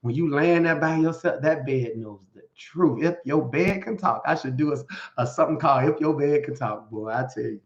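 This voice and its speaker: A man's voice: on the high side, expressive, normal speed. A man as a life coach, giving a motivational talk with Bible readings. He speaks in an emphatic, slangy, rhetorical way and keeps asking "right?". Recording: echoey room, dull lo-fi sound.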